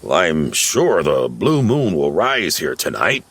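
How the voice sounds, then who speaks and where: A man voicing a kind, elderly male Smurf leader in an audio storybook, calm and reassuring. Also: low voice, slow pace, husky, exaggerated voice.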